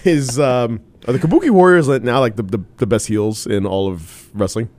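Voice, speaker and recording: A man co-hosting a casual wrestling chat, rambling with halting restarts and frequent laughter. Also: mid-range voice, expressive, darkish tone, no echo.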